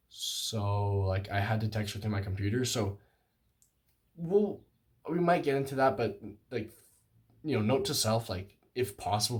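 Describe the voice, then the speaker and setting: Young man, self-mocking, animated storytelling, mid-pitched. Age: young adult. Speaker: vlogger. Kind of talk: casual storytelling to camera.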